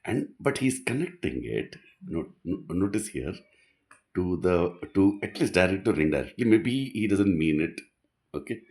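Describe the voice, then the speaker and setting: Guy musing out loud, kinda low voice but swoops around a lot, earnest and rambly. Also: very animated, moderate pace. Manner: rambling, earnest, restarts often, laughs softly. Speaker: speaker giving reflections. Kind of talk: reflective monologue.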